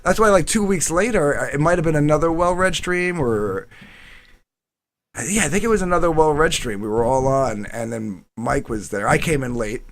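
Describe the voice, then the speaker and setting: A man's voice: normal speed, fairly bright tone. A man telling a long, rambling story in casual, profane chat, often quoting others. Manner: rambling, profane, quotes others in lowered voices.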